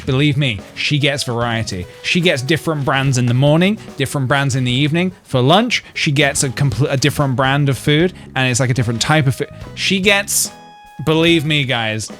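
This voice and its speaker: A man's voice: medium pitch, normal speed, a bit bright. A man chatting casually while streaming a game, rambling and laughing often. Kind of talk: casual gameplay commentary. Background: faint game music.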